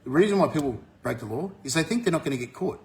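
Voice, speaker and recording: An Australian man talking bluntly to his viewers, swearing often and jumping up in pitch when he gets fired up. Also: lively intonation, fast. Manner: forceful, swears freely, rises sharply when fired up. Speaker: vlogger. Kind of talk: blunt monologue to camera.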